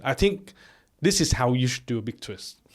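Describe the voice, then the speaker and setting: A man's voice: medium pitch, lively intonation, moderate pace. Hesitant man recapping a movie. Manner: hesitant, repeats words as he recaps the plot. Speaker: podcast co-host. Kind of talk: casual chat about a film.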